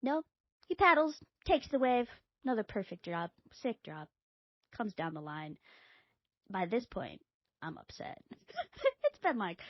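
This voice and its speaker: A middle-aged woman hosting a podcast, telling a casual story and acting out quoted dialogue with big jumps in pitch. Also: no room sound, highs cut off. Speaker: podcast host.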